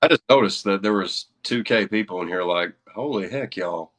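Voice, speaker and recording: This man has a deep, slightly bright voice and talks fairly quickly with a Southern American accent. As a guest voice narrator on a livestream chat, he's laid-back and modest, using plenty of fillers.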